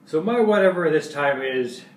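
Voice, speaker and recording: A male vlogger talking casually to camera in a playful way, jumping between loud outbursts and quiet asides. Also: a little high, lively intonation, normal speed, distant mic, a little hiss or hum. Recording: echoey room, away from mic.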